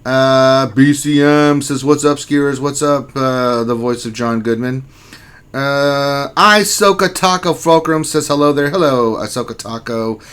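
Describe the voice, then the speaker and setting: A man with a mid-range voice runs a relaxed lunchtime livestream. He greets viewers one by one and reads their chat messages aloud. He keeps it jokey and laid-back, with the odd casual curse thrown in. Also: mid-range voice, a little slow, smooth. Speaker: livestream host.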